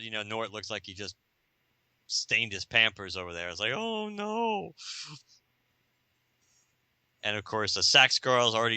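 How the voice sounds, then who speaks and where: A man's voice: on the low side, sharp tone, clear, resonant tone, dry recording. A man co-hosting a podcast over a Skype call, chatting casually and laughing a lot as he acts out quoted lines in different voices. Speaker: podcast co-host. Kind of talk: casual comic book chat.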